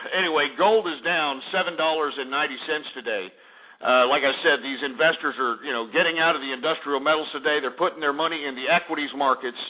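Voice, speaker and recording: Fired-up, profane male radio host. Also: on the high side. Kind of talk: ranting talk-radio commentary. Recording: tinny phone-like audio.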